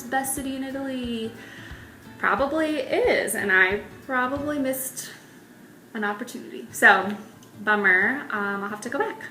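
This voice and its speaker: A woman's voice: a little high, pushed and bright. A young woman telling travel stories in a casual, chatty vlog, laughing often. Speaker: travel vlogger. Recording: echoey room with faint music.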